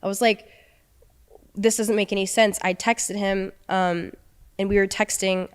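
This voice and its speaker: Young woman, podcast guest, casual storytelling, quotes dialogue, clear smooth voice. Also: medium pitch, little pitch movement, measured pace.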